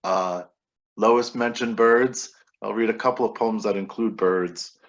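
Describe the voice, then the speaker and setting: A man reading his own poems aloud with relaxed, wry asides between them, heard over a video call. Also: lowish voice, a little slow. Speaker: poet reading his work. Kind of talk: poetry reading. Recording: dull lo-fi video-call audio.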